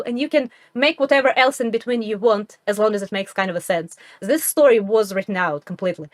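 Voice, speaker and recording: Woman gamer, high voice, emotional, exclaiming commentary; cast a bright, reactive streamer. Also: brisk, hardly any pauses, no room sound. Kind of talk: game commentary.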